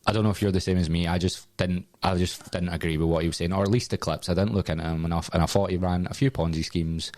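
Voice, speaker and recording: A man's voice: deep voice, fairly even intonation, quick pace, hardly any pauses, a little mellow. A man with a Scottish accent hosting a casual podcast chat, trading blunt banter and swearing freely.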